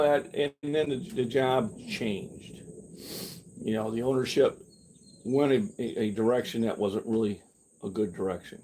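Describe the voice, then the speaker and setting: His fairly low, slightly mellow voice comes through with slight background noise, picked up by a camera he carries himself. This older man hosts a fitness channel and speaks candidly on a live-stream, meandering and restarting often. He mocks his own past reactions by acting them out.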